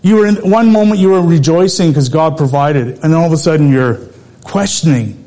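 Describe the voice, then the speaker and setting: A man in middle age delivers a sermon through a personal story. His voice sits a little higher than usual for a man. He talks conversationally and laughs often between phrases. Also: a little fast, dark tone. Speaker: preacher.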